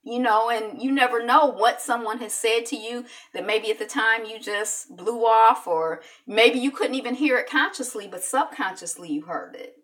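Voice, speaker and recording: Rambling woman with a bright voice. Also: a little high, normal speed, hardly any pauses, far from the mic. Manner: rambling, animated, with many restarts and acted-out quotes. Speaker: online show host. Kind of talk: casual opinion talk.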